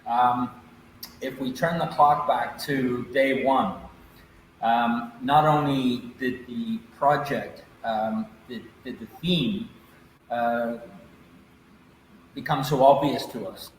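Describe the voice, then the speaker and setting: A man's voice: medium pitch, fairly even intonation, slow. A man answering interview questions about his company with hesitant enthusiasm and many fillers. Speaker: company co-founder. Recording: very echoey room, faint noise.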